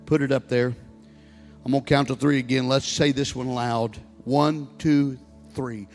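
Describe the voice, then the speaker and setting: A man in his sixties, a pastor preaching a sermon and building to loud exhortation. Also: mid-range voice, fairly even intonation, a little slow. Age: 60s. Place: church sanctuary. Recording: long reverb of a large hall with music.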